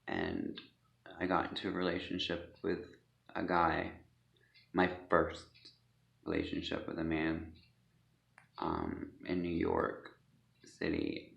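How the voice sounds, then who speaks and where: A man giving a personal testimony, speaking hesitantly with many pauses and fillers, recorded in an echoey, dull room. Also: sits low, gravelly. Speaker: speaker sharing a personal story.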